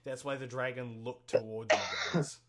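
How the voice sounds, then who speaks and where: A man narrating a tabletop game as game master, pausing often with fillers and restarts. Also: medium pitch, fairly even intonation, a bit bright. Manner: halting, many fillers and restarts. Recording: noisy home mic.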